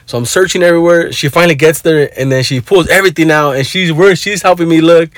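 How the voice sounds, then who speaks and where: A man's voice: a little high, fast, no room sound, studio quality. A man telling a rambling story in casual vlog talk, swearing freely and mixing in Spanish words, recorded on his phone. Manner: profane, laid-back, mixes in Spanish words. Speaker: vlogger.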